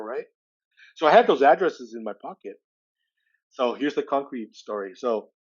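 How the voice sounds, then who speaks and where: A man's voice: mid-range voice, highs cut off. Older man telling a story. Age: 60s. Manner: lively retelling with acted-out dialogue. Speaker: podcast guest. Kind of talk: personal storytelling.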